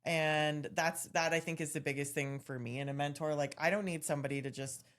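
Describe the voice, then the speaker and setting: As a podcast co-host, a woman with a notably low, deep voice chats casually, a little fast. She tells candid stories animatedly, breaking into bursts of laughter.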